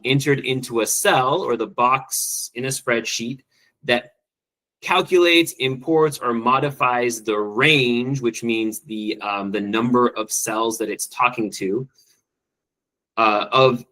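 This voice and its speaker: Male teacher running a training session, eager and fast-moving, lots of ums, mid-range voice. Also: mid-range voice, a bit bright, poor audio. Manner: quick, enthusiastic, with frequent ums and restarts. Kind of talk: online training presentation.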